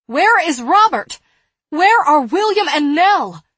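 A fierce, worried woman barks sharp orders as she fights to save sick children, played by a woman reading aloud. Her voice sits high and breathy, with slow, deliberate phrasing. The sound is dry and close. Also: expressive, dry recording. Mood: shouting. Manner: sharp, urgent, commanding.

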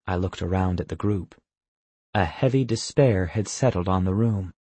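A man narrating a novel in the first person, calm and even. His voice is low and slightly husky, and he reads at an unhurried pace. The sound is dry and close. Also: no echo. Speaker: audiobook narrator.

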